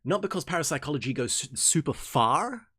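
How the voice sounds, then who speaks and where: Animated young man, lively pitch. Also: fairly quick, dry recording, studio quality. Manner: animated and jokey, swings from excited outbursts to low mumbles; reads passages aloud, then rambles in tangents. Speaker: host of an occult reading group. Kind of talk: casual reading and commentary livestream.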